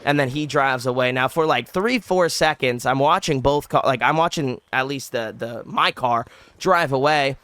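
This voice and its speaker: A young man tells a story straight to his audience, his voice bright and crisp. He rambles and restarts, packing in "like" as he talks in a loose, animated way. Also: mid-range voice, moderate pace. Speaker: vlogger. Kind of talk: casual storytelling.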